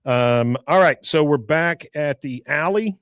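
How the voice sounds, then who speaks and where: A man's voice: a little high, measured pace, fairly bright tone, dry recording, studio quality. A man hosting a podcast, casually retelling a cartoon episode scene by scene, acting out quotes and chuckling often. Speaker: podcast host.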